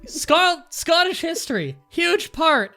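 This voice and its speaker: A woman's voice: very high-pitched, sing-song, slow, bright, forceful tone, faint music behind. A Canadian woman commenting on a game she plays, ranting in mock outrage and swearing a lot. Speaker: let's play host. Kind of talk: casual gameplay commentary.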